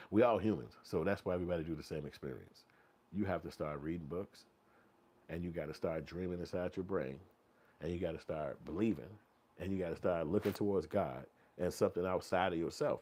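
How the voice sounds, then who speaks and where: A man hosting a commentary channel, talking casually in a vivid, profane, second-person storytelling style. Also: husky. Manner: acts out quoted voices, sometimes yelling high. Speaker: channel host commenting on news.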